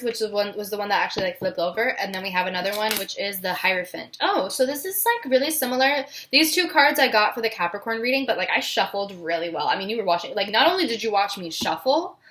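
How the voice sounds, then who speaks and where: A woman's voice: mid-range voice, background noise. A young woman reading tarot cards in a casual vlog, emotional and giggly, with many fillers. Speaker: tarot reader.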